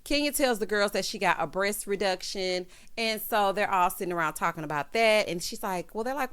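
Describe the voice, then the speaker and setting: Sassy Southern woman, Texas-raised, lively pitch swings, reality-TV recap vlogger. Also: brisk, hardly any pauses, smooth. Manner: sassy, animated, peppered with 'honey'.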